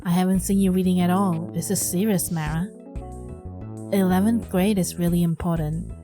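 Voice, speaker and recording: A woman's voice: on the low side, fairly even intonation, moderate pace, dark tone, faint music behind, lightly acted. Woman reading a stern, nagging mother. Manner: nagging, lecturing. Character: stern, worried middle-aged mother.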